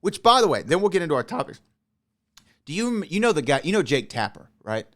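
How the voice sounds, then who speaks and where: A man's voice: on the high side, very animated. A man co-hosting a wrestling podcast. He tells stories eagerly in casual chat, often restarting his sentences. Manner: eager storytelling with quick restarts. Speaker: podcast co-host.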